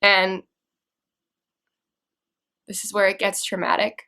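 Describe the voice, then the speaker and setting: A young woman telling a personal story to camera, earnest and halting, with restarts and fillers. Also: medium pitch, monotone, bright, forceful tone. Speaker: vlogger.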